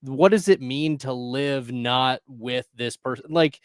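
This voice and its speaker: A man's voice: medium pitch, slow, clean tone, no room sound. Emphatic man with a dry, close sound. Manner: earnest, emphatic, many "like"s. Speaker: podcast guest. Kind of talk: casual chat.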